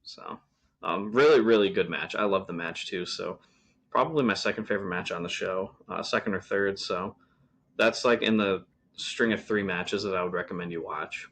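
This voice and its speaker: A man's voice: deep voice, normal speed, a bit bright, breathy edge. A man co-hosting a podcast, casually reviewing wrestling shows with lots of ums and restarts. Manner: rambling, frequent ums and restarts. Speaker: podcast co-host.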